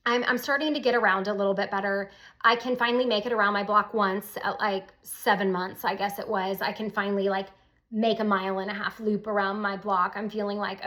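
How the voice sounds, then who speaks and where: A woman telling her personal story in a casual, animated, emphatic way. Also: medium pitch. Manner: animated, emphatic, with Southern "y'all".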